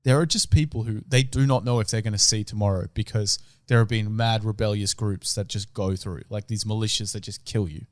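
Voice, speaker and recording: A man's voice: lowish voice, steady tone, brisk, hardly any pauses, dry recording, studio quality. A young man co-hosting a podcast, rambling and swearing in casual chat, often trailing off at the end of phrases. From Australia. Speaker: podcast co-host.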